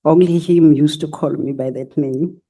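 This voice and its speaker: A middle-aged woman, giving formal testimony to a committee as a senior police officer, in a measured, halting way with filler sounds. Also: sits low, steady tone, dark tone.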